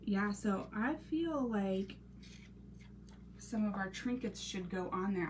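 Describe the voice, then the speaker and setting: A woman in her thirties hosting a casual crafting live stream, chatting and greeting viewers by name, sometimes dropping to a soft half-whisper while she works. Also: mid-range voice, moderate pace. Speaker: crafting channel host. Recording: distant mic with noisy background.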